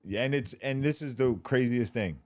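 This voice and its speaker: A man's voice: mid-range voice, normal speed, a little mellow. A man co-hosting a podcast, throwing in sarcastic teasing jabs during casual chat. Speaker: podcast co-host.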